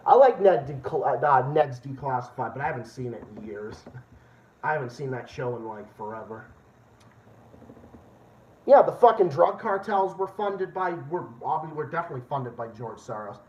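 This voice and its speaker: A man's voice: medium pitch, animated, normal speed, a little mellow, distant mic. Angry swearing male stream host. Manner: angry, swearing, repeats himself. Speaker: livestream host. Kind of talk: profane political rant. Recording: echoey room, dull lo-fi sound.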